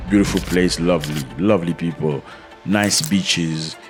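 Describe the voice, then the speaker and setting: A man's voice: low-pitched, fairly even intonation, moderate pace, soft background music. A man hosting a casual commentary video, talking to his viewers in a conversational way and throwing rhetorical questions at them. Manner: addresses viewers as fellas. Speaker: commentary channel host.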